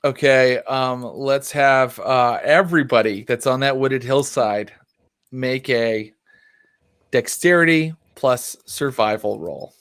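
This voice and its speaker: A man's voice: medium pitch, takes it slowly, fairly bright tone, clear, resonant tone, dry recording. A man running a tabletop role-playing game as storyteller, narrating in a loose, chatty way with fillers.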